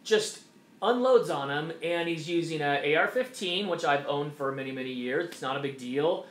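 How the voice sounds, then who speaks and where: A male host delivers an opinion monologue in a slightly bright, highish voice at a moderate pace, hammering his points emphatically and repeating them. He mocks the voices he quotes, with slight background noise in an echoey room.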